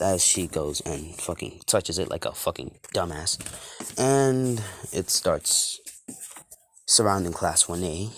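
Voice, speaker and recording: A man's voice: low voice, slow, a little hiss or hum. A man casually narrating an improvised fan story, rambling and swearing now and then.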